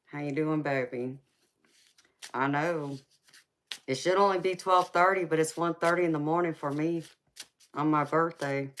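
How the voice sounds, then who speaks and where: Low-voiced woman with a Southern accent. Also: steady tone, moderate pace, long pauses, a little hiss or hum. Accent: Southern US (Georgia). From California. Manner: chatty, warm with viewers, laughs often. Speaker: tarot reader hosting a live stream. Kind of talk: casual live-stream chat. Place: home, late at night.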